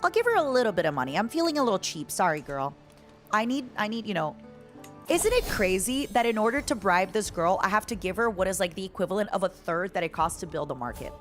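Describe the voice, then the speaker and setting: Playful, lively woman streamer. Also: mid-range voice, fast, soft background music. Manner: playful, joking, chatty. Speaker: game streamer. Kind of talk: casual gameplay chat.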